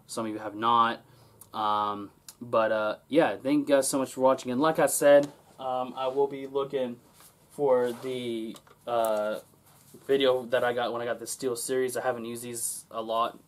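A man casually talking to viewers in an unboxing vlog, rambling with lots of ums and restarts. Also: medium pitch. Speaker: vlogger.

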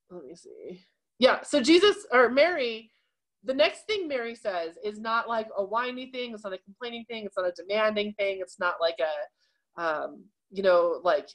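A woman teaching an adult confirmation class, explaining scripture in a relaxed, chatty way with many fillers. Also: mid-range voice. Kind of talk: casual teaching talk on scripture.

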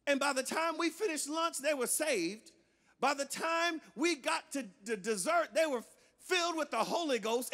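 High-voiced, animated preacher man. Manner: animated, swings between loud shouts and hushed lines. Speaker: guest preacher. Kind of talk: sermon with storytelling.

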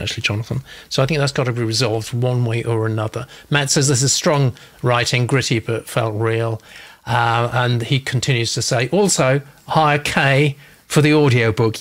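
Gravelly English man hosting a chat show. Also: medium pitch. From England. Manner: warm, chatty, breaks into laughs. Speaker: host of a manuscript feedback show. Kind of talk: casual panel chat, reading out viewer comments.

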